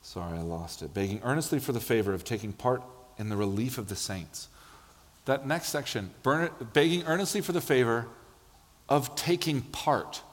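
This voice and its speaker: A man preaching a sermon in a church, telling stories with lively, acted-out quotes. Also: medium pitch, normal speed. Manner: animated storytelling, acts out quotes. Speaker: pastor. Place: church sanctuary. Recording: long hall reverb.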